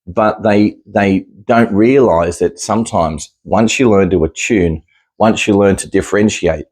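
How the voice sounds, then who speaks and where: A man with a lowish, husky, darkish voice speaks a little slowly to camera. As a psychic medium describing his experiences, he's casual and rambling, often restarting sentences and chuckling easily.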